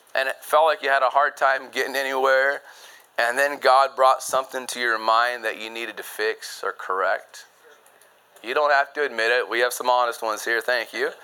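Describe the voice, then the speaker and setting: A man preaching a sermon, emphatic, jumping from loud high points to low quiet asides, and reading scripture fast in old-fashioned phrasing. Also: clear, resonant tone, low-quality recording. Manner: reads scripture in fast King James phrasing.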